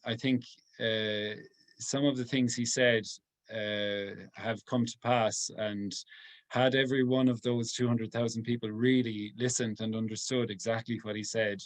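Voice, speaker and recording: A man, a priest giving an informal talk to a group. He speaks earnestly and softly, pausing often as he thinks aloud. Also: medium pitch. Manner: halting, thinking aloud with many pauses.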